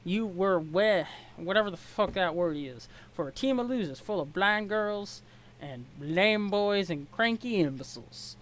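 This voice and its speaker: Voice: mid-range voice, expressive, a little slow, a bit bright. A brash, mocking cowboy troll, as put on by a reader, in a clumsy fake Southern accent. The drawl slips and stumbles, all swagger and jeering. It's a comic webcomic read-aloud voice. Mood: taunting. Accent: put-on bad Southern accent.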